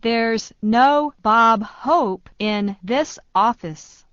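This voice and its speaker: Very slow woman reading English phrases. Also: fairly high pitch, no echo. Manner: slow, even repetition of each phrase. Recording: dull dry studio sound.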